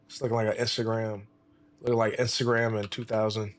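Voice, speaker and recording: A man casually commenting while he plays a video game, relaxed and slangy, talking to his chat, with features and keyboard typing behind him. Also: lowish voice, brisk. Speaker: streamer playing a game.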